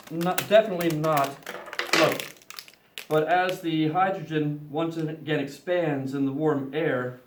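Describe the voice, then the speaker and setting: A man's voice: fairly high pitch, echoey room. A man teaching a class, playfully explaining each step of a science demonstration to students.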